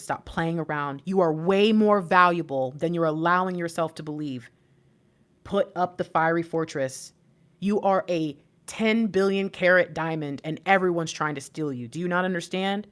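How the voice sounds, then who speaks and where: A woman with a low, deep-set voice speaks as an intuitive reader and life coach. She delivers an emphatic, preachy pep talk and mixes in casual slang. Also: moderate pace. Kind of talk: spiritual reading and channel talk.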